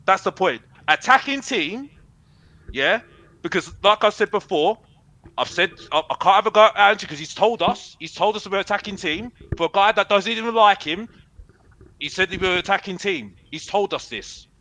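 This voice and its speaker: A man's voice: high-pitched, animated, normal speed, bright, forceful tone, poor audio. A young man, calling into a football fan show, ranting defiantly and repeating himself, dropping "bruv" a lot. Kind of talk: heated fan rant.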